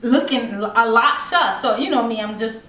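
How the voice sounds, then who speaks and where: A woman's voice: on the high side, moderate pace, recorded from a distance. Chatty young woman in a roomy room. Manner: animated, chatty, many fillers and restarts. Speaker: vlogger telling a story. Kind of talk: casual storytime chat. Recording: roomy, off-mic with faint noise.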